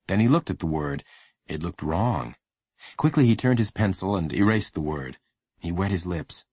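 A man reading a children's story aloud in a low voice that rises and falls expressively. The sound is close and dry, with no room around it. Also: a little mellow, husky, no room sound. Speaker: narrator. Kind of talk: audiobook narration.

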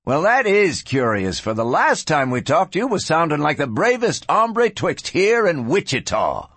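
A man's voice: on the high side, sing-song, a little slow, fairly bright tone, slightly rough, no echo, pitched above the performer's own voice, full character voice. A man voicing an insolent young gunfighter who taunts in a mocking old-west drawl. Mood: taunting.

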